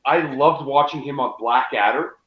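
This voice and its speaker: A man co-hosting a casual podcast, animated and acting out quoted lines. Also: mid-range voice, moderate pace, a loud crowd. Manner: animated, acts out quotes, laughs. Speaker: podcast co-host. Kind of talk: casual chat on a live stream. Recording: echoey, dull lo-fi mic.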